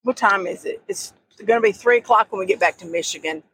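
A woman's voice: mid-range voice, quick pace, fairly bright tone, a little hiss or hum, rough recording. A middle-aged woman, chatting casually as a podcast co-host while outdoors at sand dunes. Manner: chatty, homespun drawl. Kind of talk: casual travel chat.

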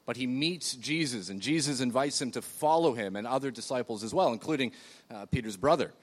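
A man's voice: mid-range voice, animated, fairly quick. Chatty man preaching a sermon. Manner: conversational, chatty preaching with fillers and restarts. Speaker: pastor. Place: church. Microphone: seated while preaching.

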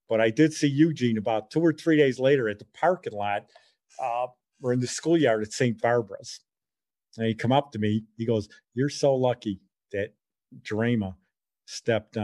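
Middle-aged man, casual animated storyteller, dry close recording. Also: medium pitch, no room sound. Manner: animated, acts out quoted voices.

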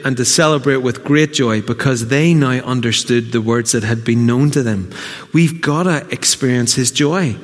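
A man with a Northern Irish accent preaching a lively sermon in church, swinging between loud exclamations and hushed asides. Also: fairly high pitch. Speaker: pastor. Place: church hall. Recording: long church reverb.

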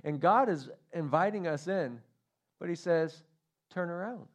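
A man preaching a sermon from the pulpit, his voice sitting a little higher than most men's. He tells his story with animated energy and acts out the quotes he gives. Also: measured pace. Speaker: pastor.

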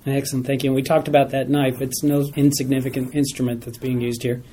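A man teaching a Bible study class, animated, often repeating phrases and putting questions to the class. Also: medium pitch, fast, a little hiss or hum.

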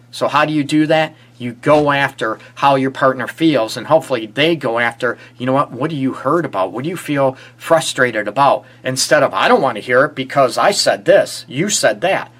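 A man's voice: mid-range voice, normal speed, few pauses, fairly bright tone. A middle-aged man, a relationship therapist, giving earnest advice on a live stream and asking rhetorical questions. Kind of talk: casual advice talk to a live audience.

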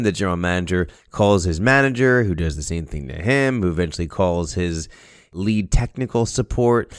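A middle-aged man telling a workplace story in a casual, animated way. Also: low-pitched, dry recording, studio quality. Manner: animated storyteller, lively voice shifts. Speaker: speaker, cleaning business owner.

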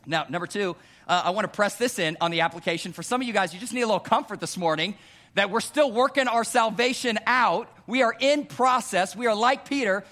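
A man preaching a sermon to a congregation in a church, calling out "amen?" and asking rhetorical questions, moving between hushed earnest pleading and louder emphatic urging. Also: high voice, brisk. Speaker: pastor. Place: church hall before a congregation.

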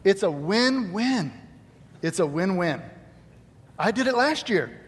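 Man, middle-aged, pastor, folksy sermon, joking asides, high voice, long hall reverb. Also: big pitch swings, slow, breathy edge.

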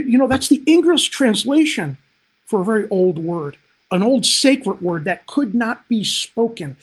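Pastor, livestream sermon; husky, fervent, talks straight to the flock. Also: medium pitch. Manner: impassioned, swelling to emphatic peaks; frequent "man" interjections, direct address.

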